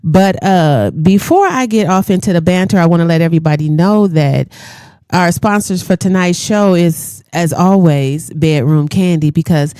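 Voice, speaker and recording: A woman's voice: fairly low pitch, normal speed, mellow, clean tone, no echo, studio quality. A woman hosting a radio talk show, talking in a playful, bawdy way and laughing often. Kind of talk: casual radio interview chat.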